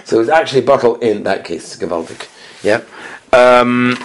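Animated man teaching Talmud. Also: mid-range voice, normal speed. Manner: chants Aramaic text then explains in English, questions and answers himself. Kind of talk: Talmud class, reading and explaining Gemara.

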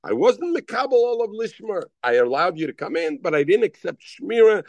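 A man's voice: high voice, big pitch swings, brisk, creaky, darkish tone, no echo. A man teaching a Daf Yomi Talmud class, calling on students by name and mixing in Hebrew and Aramaic terms.

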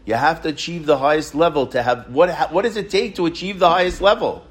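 A man teaching a Torah class, telling stories in an animated way and asking many rhetorical questions. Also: fairly high pitch, a little fast.

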